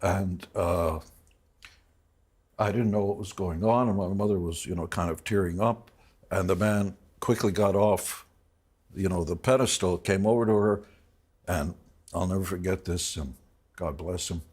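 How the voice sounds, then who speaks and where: A very deep-voiced man speaks slowly and reflectively as an interview guest, often pausing and restarting as he recalls his past. His tone is husky and a little emotional. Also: a little mellow. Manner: reflective, halting, full of restarts. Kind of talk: personal storytelling.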